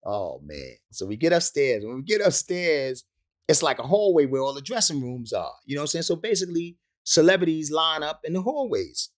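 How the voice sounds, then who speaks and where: Slangy man spinning a lively story. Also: a little high, brisk. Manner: slangy, acts out other people's voices in quotes. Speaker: rapper interview guest. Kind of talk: animated storytelling anecdote.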